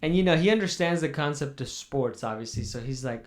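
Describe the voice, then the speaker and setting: A man's voice: on the high side, lively intonation, a little fast. A young man hosting a casual chat, rambling and swearing in mock mourning. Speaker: podcast host.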